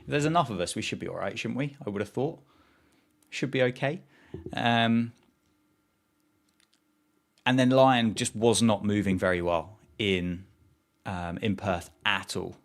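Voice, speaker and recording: A man's voice: fairly low pitch, a little slow, creaky, pauses often. A man, hosting a live cricket watchalong stream, chatting casually, reading out viewers' messages and reacting to the play. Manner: chatty, reads chat aloud and reacts to play. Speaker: livestream host.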